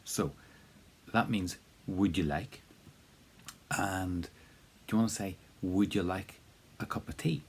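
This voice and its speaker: A man leads a spoken language lesson in a relaxed, encouraging tone, breaking things up with fillers and repeated prompts to say each phrase out loud. His voice sits very low and has a husky grain to it. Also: takes it slowly, long pauses. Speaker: language teacher.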